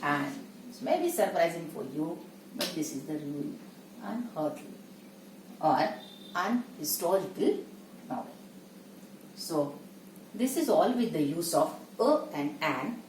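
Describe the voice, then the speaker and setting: A woman's voice: sits low, sing-song, a little mellow, slight background noise. Woman, teacher, patient explanations, checks in with listeners, echoey room, distant mic. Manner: explains slowly, checks in with "hmm?". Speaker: English teacher. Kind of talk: grammar lesson.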